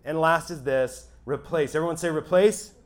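A male pastor with a high voice preaches a sermon to a live audience. He sounds conversational and emphatic and keeps checking in with his listeners. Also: normal speed.

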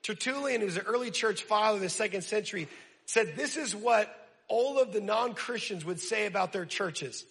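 A young man preaching a casual, energetic sermon, using slang and quizzing his audience. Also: sits high, moderate pace, creaky. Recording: long reverb of a large hall.

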